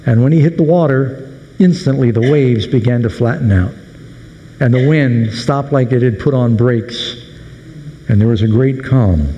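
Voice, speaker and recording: Male pastor, sermon delivery, animated storyteller, long reverb of a big room. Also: mid-range voice, normal speed, a little hiss or hum. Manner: animated storytelling, acting out the sailors' panicked questions.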